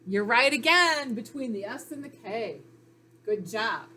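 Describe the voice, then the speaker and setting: A woman's voice: fairly high pitch, expressive, a little slow, bright, forceful tone. A woman teaching a phonics lesson to young children, sounding out letters and syllables in a patient, encouraging way. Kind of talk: recorded reading lesson for children.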